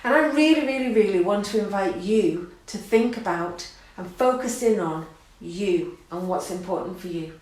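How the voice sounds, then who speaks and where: A woman's voice: medium pitch, normal speed, a little mellow. Earnest woman in a very echoey room. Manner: reflective, earnest, laughing and emotional at times. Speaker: art course host. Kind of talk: personal talk to camera.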